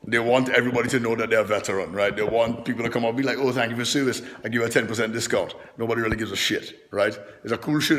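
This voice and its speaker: A man who works as a personal trainer, talking to camera in a loud, animated, profane way, very expressive and passionate. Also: mid-range voice, big-room sound. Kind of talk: loud casual monologue to camera. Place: fitness gym.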